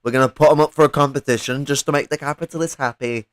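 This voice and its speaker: A man talking through a casual political stream in a profane, rambling way, swearing freely and filling pauses with ums and uhs. His voice sits at an ordinary middle pitch. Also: fairly even intonation, clean tone. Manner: profane, rambling, full of fillers. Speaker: livestream co-host.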